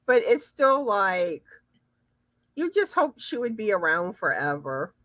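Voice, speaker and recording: A woman's voice: mid-range voice, very animated, unhurried, fairly bright tone, dry recording. A woman hosting a casual live chat, chatty and often repeating words as she starts a sentence. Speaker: livestream host.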